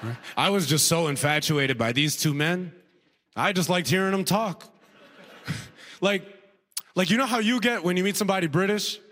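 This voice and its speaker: A young man telling a stand-up comedy story, animated and full of rhetorical asides. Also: high voice, moderate pace, long pauses, slight background noise. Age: young adult. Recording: long hall reverb.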